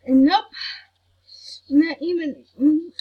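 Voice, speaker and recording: A woman hosting a gaming channel chats casually over gameplay, grumbling that she is not mad. Her voice is high-pitched and slow, captured on a computer recording mic with phone-quality sound.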